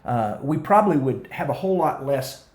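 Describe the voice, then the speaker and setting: A man co-hosting a marriage advice show, talking fast and energetically with frequent restarts. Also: mid-range voice, lively intonation, a little mellow, roomy sound. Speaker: co-host of a marriage talk show. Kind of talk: casual advice talk.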